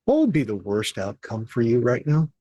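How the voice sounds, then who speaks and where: A man running a tabletop horror game as game master, narrating in a slow, measured, grim way. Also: mid-range voice, big pitch swings, warm tone, no echo.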